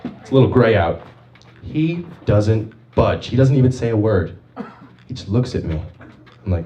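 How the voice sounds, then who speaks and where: A man telling stand-up stories at an open mic in a jumpy, animated way. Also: normal speed, pauses often. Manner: animated, jumpy storytelling with big pitch swings. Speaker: stand-up comic. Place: small open mic venue. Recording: distant mic with audible noise.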